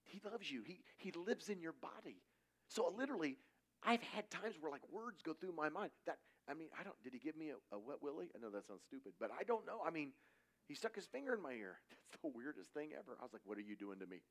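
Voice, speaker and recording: A man's voice: fairly high pitch, very animated, fast talker. A middle-aged man giving a conversational sermon, telling stories casually and acting out quoted voices. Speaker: preacher.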